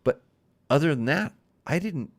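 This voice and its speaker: A man's voice: on the high side, expressive, normal speed. A man hosting a casual podcast chat, rambling and restarting words as he talks. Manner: rambling, repeats words, laughs often. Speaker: show host.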